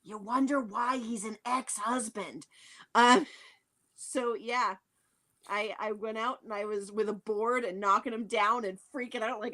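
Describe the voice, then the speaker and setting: A woman's voice: on the high side, unhurried. Brief: New England woman, casual co-host, easygoing anecdotal chat. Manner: chatty, relaxed anecdotes with filler words and laughs.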